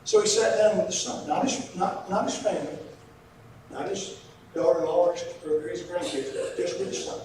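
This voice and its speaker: High-voiced Southern preacher in echoey church. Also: male voice, moderate pace, a little mellow, slight background noise. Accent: Southern American. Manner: retells a letter with quoted voices, earnest and folksy. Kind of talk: sermon storytelling. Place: church sanctuary. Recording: very echoey church hall from a distance.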